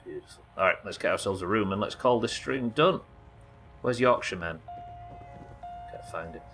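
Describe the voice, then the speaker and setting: A man's voice: on the low side, expressive, normal speed, a bit bright, faint music behind. A man, chatting casually as he streams a video game live. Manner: casual, chatty, laughs often. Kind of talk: live gameplay commentary.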